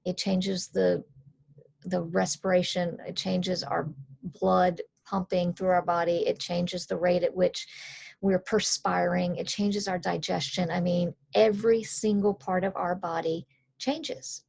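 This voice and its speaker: A woman coach talking parents through handling anxiety, calm, earnest and plainspoken. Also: fairly low pitch, a little slow, creaky, slightly rough. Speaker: coach and author. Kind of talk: conversational explainer.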